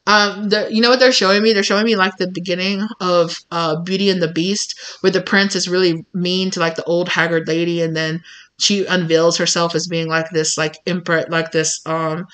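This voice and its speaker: A woman's voice: on the low side, level tone, normal speed, a bit bright, low-quality recording. A woman giving a casual spoken tarot reading to her viewers, rambling with many filler words and acting out quoted voices. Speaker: tarot reader.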